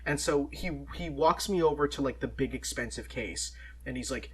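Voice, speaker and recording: A young man co-hosting a podcast, telling an anecdote with animated energy, laughing often and swearing casually. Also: mid-range voice, normal speed, slightly rough. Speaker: podcast co-host.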